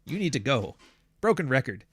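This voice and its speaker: This man's medium-pitched voice swings widely in pitch, moves briskly and has a breathy edge, with no room sound in the recording. He hosts a casual livestream, tackling super chats with blunt, profane rambling and acting out others' voices.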